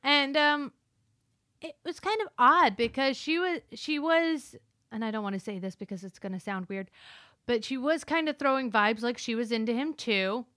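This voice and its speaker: A woman's voice: on the high side, expressive, normal speed, pushed and bright, dry recording, studio quality. A woman co-hosting a casual movie review chat, retelling scenes with lots of fillers and quoted lines. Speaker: podcast co-host.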